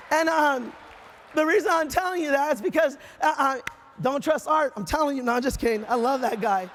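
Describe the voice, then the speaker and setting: High-voiced excitable man on stage. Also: fairly quick, a little hiss or hum. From California, USA. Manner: excitable storyteller with bursts of shouting. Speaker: company sales leader giving an award speech. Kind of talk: motivational stage speech.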